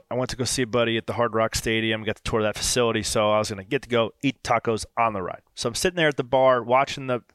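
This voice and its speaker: A man hosting a podcast, telling a casual story with lively quoted dialogue. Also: mid-range voice, clear, resonant tone, no room sound, studio quality. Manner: animated anecdote with quoted dialogue. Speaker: podcast host.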